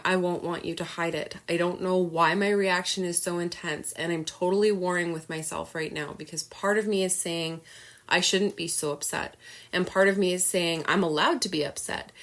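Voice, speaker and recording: A woman podcast host candidly retelling a personal story in an emotional monologue, with many fillers. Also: fairly low pitch.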